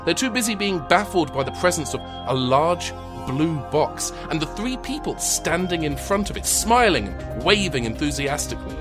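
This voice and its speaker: A man's voice: a little high, sing-song, normal speed, hardly any pauses. A man running a tabletop game as game master, reading scripted narration with dry comic timing, then hesitating with fillers as he ad-libs. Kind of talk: scripted narration and casual chat. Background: music.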